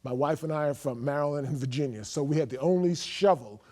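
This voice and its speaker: A man with a fairly high voice recounts his testimony as an animated story. He acts out both sides of a conversation, swinging between loud outbursts and hushed, quiet lines. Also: fast. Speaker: guest sharing his testimony.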